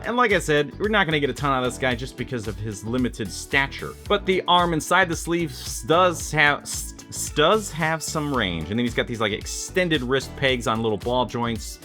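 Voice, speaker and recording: A man's voice: a little high, sharp tone. A man casually reviewing an action figure, chatty and self-mocking, breaking into exclamations. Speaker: toy reviewer.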